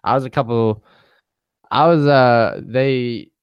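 A man's voice: medium pitch, steady tone, slow, clear, resonant tone, no echo, muffled recording. A man with a New York accent co-hosting a podcast in casual, slangy chat, laughing often. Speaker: podcast co-host.

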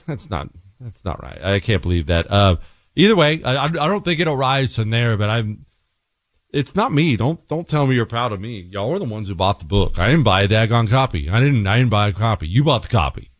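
A man hosting a political talk radio show, animated and exasperated, joking with listeners, with a drawl. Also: medium pitch, no room sound.

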